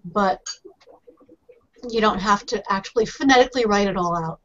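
A woman's voice: mid-range voice, moderate pace, fairly bright tone, slight background noise. Female editor on a panel, conversational and explanatory; slightly dull recording. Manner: explanatory, chatty, with fillers. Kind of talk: casual panel discussion. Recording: muffled lo-fi recording.

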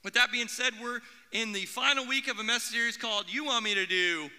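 A young man preaching a sermon as pastor in a church, animated, acting out the voices he quotes. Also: very high-pitched, brisk, noisy background. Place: church auditorium. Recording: long hall reverb.

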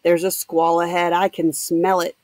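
A woman's voice: on the low side, little pitch movement, moderate pace, no room sound, natural voice. A woman reading aloud as a drunken old man giving solemn warnings of doom. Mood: insistent.

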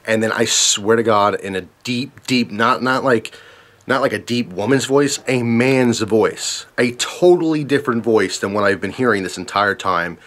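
A man's voice: lowish voice, moderate pace, a bit bright. A man casually telling a story to camera, earnest and emphatic, repeating himself when tense.

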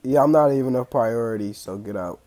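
A young man casually commentating his own wrestling video game play, excitable and slangy, trash-talking the opponents, with a clogged throat. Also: medium pitch, a little fast. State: congested throat. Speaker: gaming channel host.

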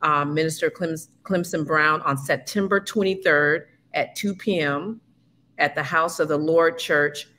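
A woman's voice: deep voice, a little slow, bright, forceful tone. A woman hosting a live-streamed interview, chatty and loose, reading questions from the chat. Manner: chatty, many fillers and restarts, reads from the chat. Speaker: host.

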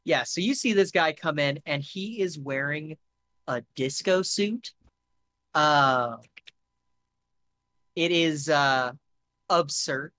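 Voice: mid-range voice, slow, long pauses, a bit bright, no room sound. A game master casually narrating a tabletop game, with lots of fillers and swearing. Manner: casual and profane with many fillers.

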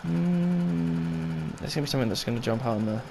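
A man's voice: a little high, animated, moderate pace, creaky, over music. A young man doing let's play commentary, swearing often and muttering sarcastically to himself. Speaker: gaming YouTuber.

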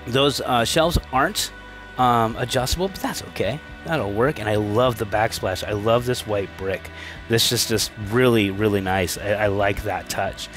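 Faint music plays behind a man whose voice sits on the low side but sounds fairly bright, at a moderate pace. As an enthusiastic host touring a manufactured home at a show, he keeps it casual and upbeat, restarting now and then.

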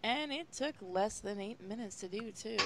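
A woman's voice: mid-range voice, animated, normal speed, background noise. A woman reading fan fiction aloud for laughs, in a dry, sarcastic manner. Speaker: reader. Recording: typing and clicks behind.

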